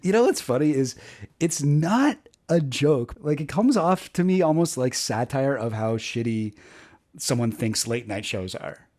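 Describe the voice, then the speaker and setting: A man's voice: medium pitch, unhurried, darkish tone. A Canadian man giving wry, rambling casual commentary on a video as a creator. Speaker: YouTube creator. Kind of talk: casual commentary reading jokes aloud.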